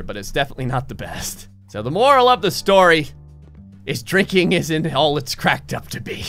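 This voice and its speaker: A young man hosting casual gameplay commentary, telling rambling, animated stories while he plays. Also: a little high, clear, resonant tone. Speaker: gaming channel host.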